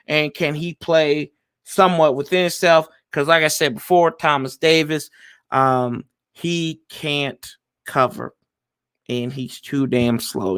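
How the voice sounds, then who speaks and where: A man with a fairly high voice chats casually from home as a podcast host. He talks loosely and catches his own slips as he goes. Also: a bit bright, no room sound, clean studio sound. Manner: loose and chatty, with frequent fillers and self-corrections. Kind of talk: casual sports preview chat.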